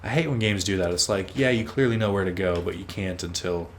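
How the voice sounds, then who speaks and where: A man's voice: deep voice, a little fast, faint music behind. A man hosting a let's play, rambling casually as he plays, swearing freely and teasing himself. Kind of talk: casual gameplay commentary.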